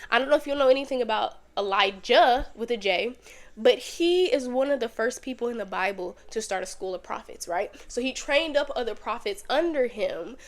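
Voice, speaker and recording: A woman hosting a podcast, teaching a Bible lesson in a casual, conversational way with lively storytelling. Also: fairly high pitch, moderate pace.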